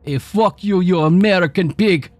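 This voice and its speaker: A man's voice: high voice, moderate pace, a little mellow, dry recording, soft background music, pitched above the performer's own voice, lightly acted. A man voicing an enraged, stout, hairy male prisoner with a thick accent who snarls insults. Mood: furious.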